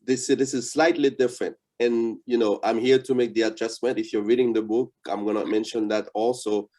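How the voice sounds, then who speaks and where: A Haitian man with a fairly low, warm voice teaches a language lesson over a video call. He's a patient instructor who coaches his student interactively, repeating words slowly.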